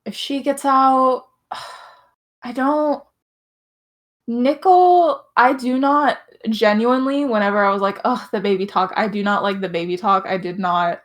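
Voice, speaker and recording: A woman's voice: a little high, unhurried. A woman chatting casually in an exit interview over an online voice call, swearing freely and laughing often. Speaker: evicted contestant.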